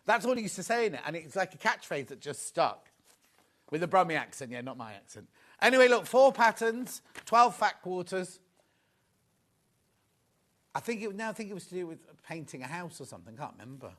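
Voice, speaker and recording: A man's voice: high voice, very animated, brisk, fairly bright tone. A man presenting a live home shopping show in a TV studio, chatting and gushing over the products.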